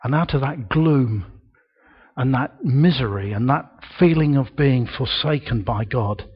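Slow, husky older male preacher. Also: medium pitch, animated, muffled recording. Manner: slow, emphatic delivery with dramatic pauses and raised projection. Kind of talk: sermon. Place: church.

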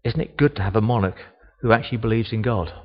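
A man giving a sermon, reading a Bible passage slowly and reflecting on it, growing louder on the quoted lines. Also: breathy edge. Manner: slow, reflective, rises in pitch and volume on quoted speech. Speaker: preacher. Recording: dull, long reverb of a church hall.

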